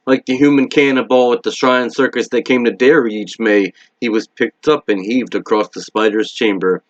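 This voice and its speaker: A man reading a novel aloud in a steady, measured way, in a dull lo-fi recording. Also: medium pitch, no echo. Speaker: reader.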